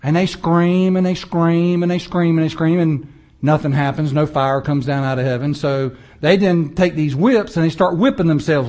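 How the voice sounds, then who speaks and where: High-voiced man preaching a lively sermon. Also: moderate pace, dull audio. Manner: animated preaching, acting out prayers and mocking voices. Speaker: pastor.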